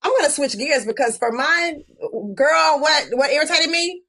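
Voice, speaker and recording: High-pitched woman cohost, joking around, laughs a lot, casual chat. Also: normal speed, a bit bright. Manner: playful, joking, laughs often. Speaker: podcast co-host.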